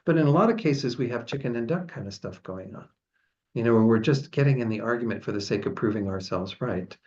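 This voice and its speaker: A man, a Buddhist teacher, giving a relaxed, chatty dharma talk with frequent laughs. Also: medium pitch, fairly quick. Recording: dull lo-fi sound.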